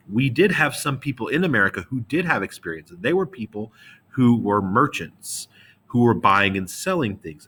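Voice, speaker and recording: A man's voice: fairly low pitch, pushed and bright. A man teaching a middle school history lesson in a casual, slangy way, with frequent fillers and restarts. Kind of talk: classroom history lecture.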